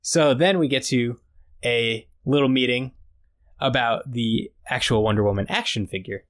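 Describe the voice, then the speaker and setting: A man's voice: medium pitch, normal speed, a bit bright. A man co-hosting a podcast, retelling a story in casual chat with lots of fillers and quoted lines. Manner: retells scenes with quoted dialogue, many fillers. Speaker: podcast co-host.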